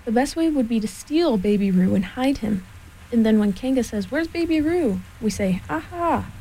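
A woman voicing a fussy, bossy male rabbit who speaks slowly and carefully. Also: on the high side, animated, mellow, slight background noise, rough recording. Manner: slow, careful, self-important.

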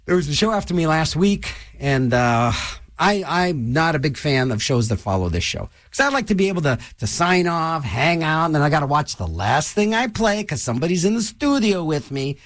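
An older man hosting a radio show, rambling and joking in a loose, animated way in a studio. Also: moderate pace, no room sound. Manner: animated, rambling, jokey, restless pitch swings. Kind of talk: rambling radio host chat.

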